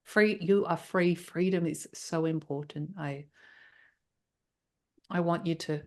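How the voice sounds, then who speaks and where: A woman voicing an enslaved woman from a vision. She speaks softly and haltingly, gentle and hopeful despite her suffering. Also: on the low side, fairly even intonation. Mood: hushed sorrowful.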